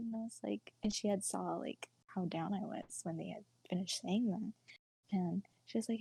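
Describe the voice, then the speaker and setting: Young woman, podcast co-host. Husky, soft-toned voice. Chatty, filler-heavy storytelling that dips to near-whispers. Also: mid-range voice, moderate pace, poor audio. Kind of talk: casual personal storytelling.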